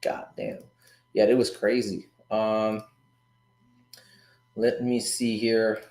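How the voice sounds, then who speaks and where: A man with a fairly low, darkish voice and little pitch movement speaks slowly in a roomy space. He hosts a casual forex trading livestream, chatting loosely, breaking down trades, swearing now and then and calling viewers "guys" and "dude."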